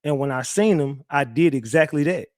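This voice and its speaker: A man hosting a livestream, animated and profane as he retells a court hearing with lots of restarts. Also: on the high side, normal speed, no room sound. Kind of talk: casual livestream storytelling.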